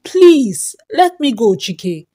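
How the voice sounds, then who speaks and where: Woman doing a young wife, calm, firm, pleading, bright lively voice. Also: a little high, slow, husky, exaggerated voice.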